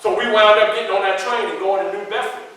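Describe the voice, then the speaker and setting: A man's voice: sits high, fast talker, a little hiss or hum. An actor playing Frederick Douglass as a proud former slave, telling his story live to an audience and calling out to them. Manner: animated, calls out to the audience. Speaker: historical reenactor. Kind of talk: live first-person historical performance. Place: library room before an audience. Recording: echoey room from far off.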